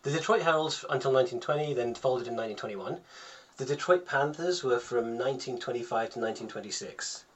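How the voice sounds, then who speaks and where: A man's voice: medium pitch, fast. A man hosting a casual podcast, reading out quiz items with lots of ums and easy laughter. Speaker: podcast host running a quiz.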